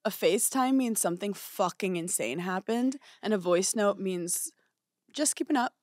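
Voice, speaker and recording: A woman co-hosting a podcast, chatting casually with quick jokes and free swearing. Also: mid-range voice, a little mellow, no echo, studio quality. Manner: joking, swears freely, quick asides. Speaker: podcast co-host. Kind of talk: casual comedic chat.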